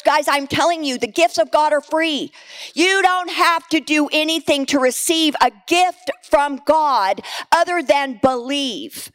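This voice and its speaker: A middle-aged woman preaching a sermon, animated and candid, mixing scripture with personal stories and laughing at herself. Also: high voice.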